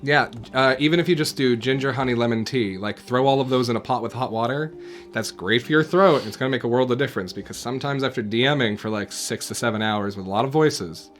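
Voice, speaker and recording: A man's voice: mid-range voice, fast talker, faint music behind. A man co-hosting a casual chat as a dungeon master, easygoing and laughing often.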